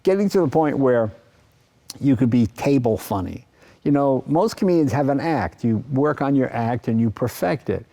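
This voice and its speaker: Animated older man, mellow voice. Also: mid-range voice, normal speed. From East Coast of the US. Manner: animated storyteller, acts out quoted voices. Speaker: interview guest. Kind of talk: anecdotal interview talk.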